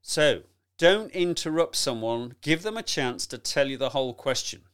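A man coaching on presentation skills in a chatty, animated teaching talk, addressing the listener directly and laughing often. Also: medium pitch, moderate pace, clear, resonant tone.

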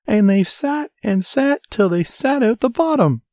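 Tiny shrill baby bear in a storybook, squeaky and high. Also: male voice, lively intonation, unhurried, a little mellow, dry recording, clean studio sound. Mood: upset.

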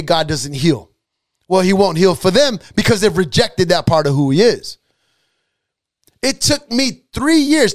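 High-voiced man preaching with emphatic repetition. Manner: emphatic repetition, rhetorical questions; colloquial, drops into dialect grammar. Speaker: preacher teaching on healing. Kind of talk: sermon.

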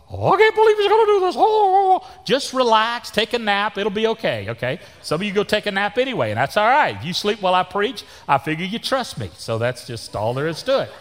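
A man's voice: a little high, fairly bright tone. A Texan man in his sixties preaching a sermon as pastor, with a folksy, joking manner and down-home sayings. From Texas. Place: church sanctuary. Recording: long church reverb.

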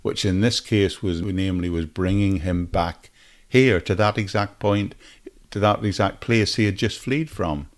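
Earnest low-voiced male Bible teacher. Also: fairly even intonation, measured pace. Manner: earnest, repeats phrases for emphasis, asks listeners rhetorical questions. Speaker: Bible teacher and podcast host. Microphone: podcast microphone.

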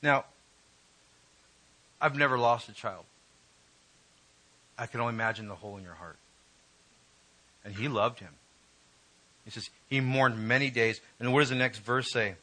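Male preacher, sermon, bright forceful tone, emphatic, emotional. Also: medium pitch, normal speed, long pauses, poor audio. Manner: emotional, emphatic, rising when stirred.

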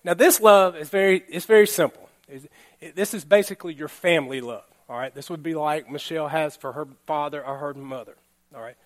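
A man pastor giving a relaxed, conversational sermon, laughing now and then and often checking in with the congregation. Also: fairly high pitch, brisk. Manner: chatty, laughing, keeps asking "all right?".

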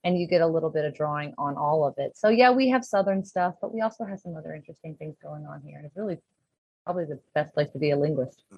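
A woman explains things with enthusiasm as a guest in an interview. Her voice sits a bit low, and it comes through a slightly muffled, dull video call line with a dry sound. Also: expressive, quick pace, a little mellow, breathy edge, no echo. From Louisville, Kentucky. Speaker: linguistics professor, guest. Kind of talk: interview answers.

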